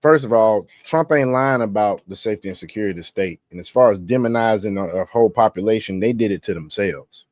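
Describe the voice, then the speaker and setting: A man's voice: on the low side, fast talker, few pauses, a little mellow, dry recording. A man hosting a political commentary stream who reacts bluntly and with animation. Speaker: stream host.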